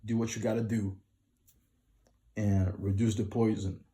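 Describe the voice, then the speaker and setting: A man talks viewers through his singing advice in a relaxed, unhurried tutorial vlog. His voice sits a little low and sounds mellow and dark. He speaks to the audience directly and breaks his points into simple numbered steps. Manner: explains in short lists, addresses viewers directly. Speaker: singer giving vocal tips.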